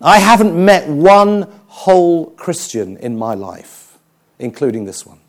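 A male preacher with a lively, wide-ranging voice that climbs and falls with every point. He talks with humour and drops to a soft, grave tone for serious stories. His pitch sits a little high for a man. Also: a little slow. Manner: animated, humorous preaching with dramatic quiet passages. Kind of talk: sermon.

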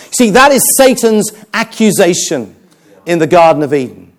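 A man preaching a sermon, telling stories with jokes and an animated delivery. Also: sits high, moderate pace. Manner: animated, joking storyteller.

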